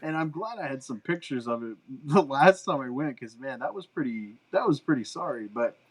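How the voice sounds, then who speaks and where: A middle-aged man, chatting on a podcast as co-host, an animated storyteller who laughs often. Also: medium pitch, moderate pace, breathy edge, rough recording. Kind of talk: casual chat.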